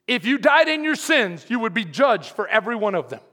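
A man's voice: extremely high pitch, very animated, fairly quick, sharp tone. A man preaching a sermon as pastor, emphatic and calling out to his congregation. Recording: long hall reverb.

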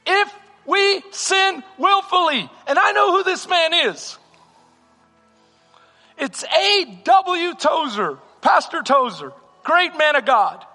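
A man's voice: very high voice, sing-song, slow pace, sharp tone. A male pastor preaching a sermon with a passionate, repetitive cadence in a church hall. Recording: reverberant hall with music.

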